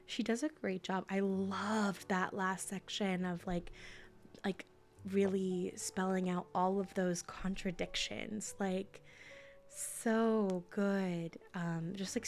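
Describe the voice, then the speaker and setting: A woman streamer reading a book aloud in a soft ASMR-style voice, dropping now and then into whispers, then chatting in a halting way with fillers. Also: lowish voice. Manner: soft-spoken, slipping into whispers.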